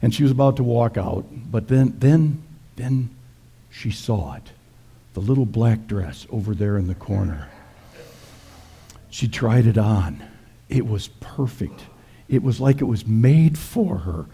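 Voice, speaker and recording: Brief: male pastor, folksy joking sermon, gravelly and husky, dark mellow tone. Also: on the low side, expressive, measured pace, long pauses.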